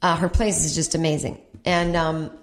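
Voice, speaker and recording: A woman's voice: sits low, flat delivery, moderate pace. Chatty profane woman telling a story. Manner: chatty, profane, self-mocking, quotes people in put-on voices. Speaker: comedy podcast host. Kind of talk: casual storytelling monologue. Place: at home.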